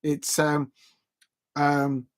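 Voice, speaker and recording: A man's voice: a little high, drawn-out words. A man giving live, rambling football watch-along commentary, chatting casually to his viewers and often correcting himself. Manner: rambling and excitable, with frequent restarts and self-corrections.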